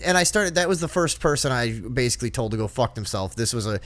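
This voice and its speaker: Profane, animated man telling a story. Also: mid-range voice, fast, no echo. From northern United States. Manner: profane, animated, mimics people he talks about. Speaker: podcast co-host. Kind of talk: casual storytelling chat.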